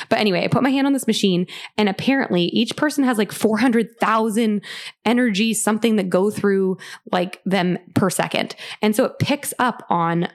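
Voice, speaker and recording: Woman, young adult, casual storytelling, chatty, lots of fillers, gravelly. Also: medium pitch, normal speed. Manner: chatty, many "like" fillers, animated retelling. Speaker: podcast host sharing her story.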